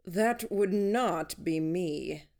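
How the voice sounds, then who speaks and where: A woman narrator voicing an irritated man at a door who drawls his dismissive answers slowly. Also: on the low side, a little mellow.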